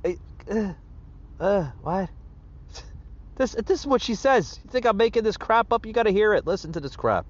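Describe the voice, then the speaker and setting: A man's voice: high-pitched, sing-song, fast, hardly any pauses. A man hosting a political commentary show, ranting heatedly and stumbling over his words with many fillers. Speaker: podcast host. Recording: dull lo-fi sound.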